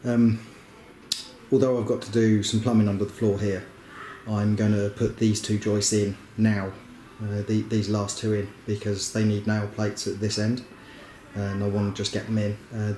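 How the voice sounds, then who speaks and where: A man casually narrating his own bathroom building work, plain and practical, with many pauses and fillers. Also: lowish voice, monotone, darkish tone. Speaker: woodworking vlogger. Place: house under renovation, indoors. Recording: echoey room with noise.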